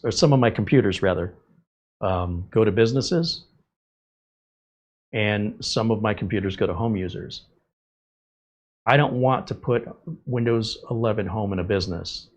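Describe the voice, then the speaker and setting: Blunt sarcastic man with a husky voice. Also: fairly low pitch. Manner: blunt, sarcastic, lively asides. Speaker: tech show host. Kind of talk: live-stream chat answering viewers.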